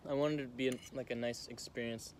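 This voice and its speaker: A young man talks quietly and thoughtfully in a casual vlog conversation. His voice sits in a middle register. Steady background noise runs under the recording. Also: mid-range voice, fast. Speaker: vlog co-host. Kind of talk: casual chat. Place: vacation house near a beach. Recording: noisy background.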